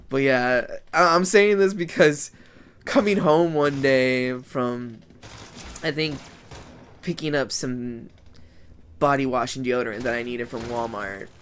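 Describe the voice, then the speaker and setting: A man's voice: medium pitch, unhurried, fairly bright tone, slight background noise. A man from the United States ranting casually as a vlogger, rambling, swearing a lot and leaning on "like" as a filler. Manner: rambling and profane, heavy use of "like". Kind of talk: casual rant.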